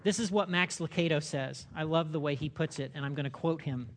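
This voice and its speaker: A man preaching a sermon as a pastor in a church, animated, acting out quoted voices and asking the listeners questions. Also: fairly high pitch, fairly quick, hardly any pauses.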